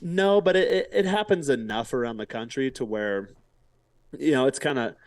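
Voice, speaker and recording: A man's voice: mid-range voice, animated, normal speed, no echo. A man, a podcast guest, telling a story casually and acting out quotes, with casual swearing. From United States.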